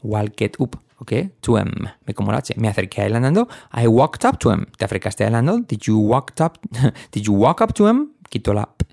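A man's voice: on the low side, very animated, fast talker, creaky, a little mellow, dry recording, clean studio sound. A man teaching English grammar in a playful, chatty way, switching between examples and humming song bits. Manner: playful, chatty, hums and sings song snippets. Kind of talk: casual grammar lesson to Spanish speakers.

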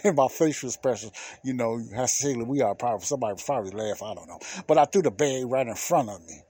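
Here a podcast host with a mid-range, slightly rough voice tells a personal story at a quick pace. He speaks casually and animatedly, repeating himself in colloquial language.

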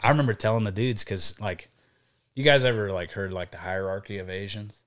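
Profane storytelling young man, lowish voice. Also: fairly even intonation, brisk, a bit bright. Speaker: podcast guest, band vocalist. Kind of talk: casual podcast chat.

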